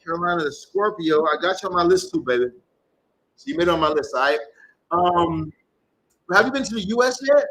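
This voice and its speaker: A man's voice: high-pitched, expressive, fairly quick, long pauses, a bit bright, slight background noise, rough recording. A man hosting a tarot reading livestream, chatting casually and rambling, swearing often as he reads out viewers' comments.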